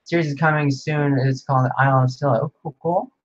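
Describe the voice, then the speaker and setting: A man hosting a casual livestream Q&A, rambling excitedly as he reads viewer comments aloud. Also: fairly high pitch, fast, highs cut off. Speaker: livestream host.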